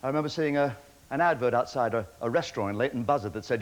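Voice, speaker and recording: A man hosting a television talent show, joking in lively patter with chuckling asides. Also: mid-range voice, fast talker, very noisy. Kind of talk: TV host patter with jokes.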